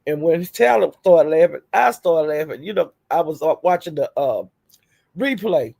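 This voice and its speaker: A woman's voice: low-pitched, lively intonation, normal speed, gravelly, warm tone. A woman hosting her own livestream, telling stories in a profane, laughing, casual rant. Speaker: livestream host.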